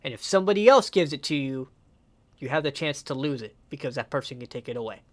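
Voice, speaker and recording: A man's voice: medium pitch, animated, fast, fairly bright tone. A young man giving casual reaction commentary on a music video, passionate and swearing a lot, repeating himself as he rambles, emotional and close to tears. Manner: passionate, profane, repetitive and rambling.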